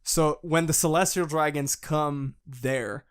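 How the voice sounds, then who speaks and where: A young man co-hosting a casual fan podcast, excitable, laughing often and swearing as he recaps. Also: fairly high pitch, slow, smooth. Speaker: podcast co-host.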